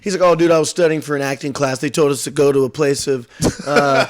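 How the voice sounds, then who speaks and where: A young man with a slightly high voice co-hosts a relaxed chat. He rambles through anecdotes and slips into quoted voices as he tells them. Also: fast. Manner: rambling, animated storyteller with laughs and acted quotes. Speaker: podcast co-host. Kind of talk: casual chat, storytelling.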